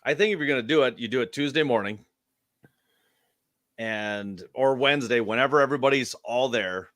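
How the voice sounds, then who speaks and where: Male co-host, mid-pitched and emphatic, casual sports-chat delivery, dry recording. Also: brisk, fairly bright tone, no echo. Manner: opinionated, emphatic.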